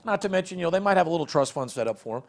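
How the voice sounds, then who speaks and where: A man hosts a betting podcast with a high-set voice that crackles with gravelly fry. He is brash and salesy, swearing casually through the banter. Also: expressive, racing. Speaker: podcast host.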